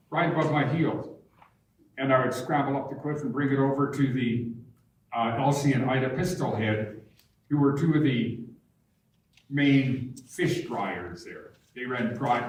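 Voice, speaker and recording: A man's voice: medium pitch, a little hiss or hum. Older man telling stories in an echoey hall. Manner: unhurried, humorous storytelling. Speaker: guest speaker at a public talk. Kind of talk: storytelling talk. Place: large barn hall with an audience. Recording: echoey hall, far from the mic.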